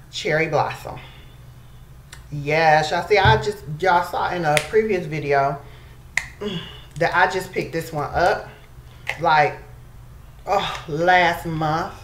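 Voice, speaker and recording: A woman chatting casually to her viewers in a beauty vlog, calling them y'all. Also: on the low side. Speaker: beauty vlogger. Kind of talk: casual chat to camera. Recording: echoey room, faint background noise.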